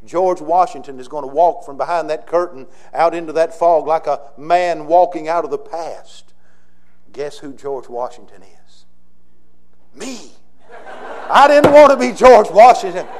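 A Southern US pastor preaches with a notably high-pitched voice. He pushes some lines out loud and forceful, then drops to quiet, drawn-out phrases for emphasis. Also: expressive. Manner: emphatic, swings between loud declarations and quiet slowed phrases. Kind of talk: sermon.

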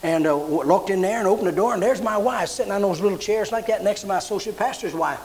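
A man's voice: sits high, fast talker, low-quality recording. A man preaching a sermon, telling personal stories and acting out the voices in them. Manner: animated storyteller acting out quotes. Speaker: pastor.

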